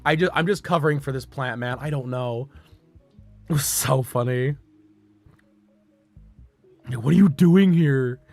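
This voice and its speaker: A man's voice: medium pitch, measured pace, gravelly, pauses often, darkish tone, soft background music. A young man streaming, telling a work story in a rambling, profane way, with frequent laughs and restarts.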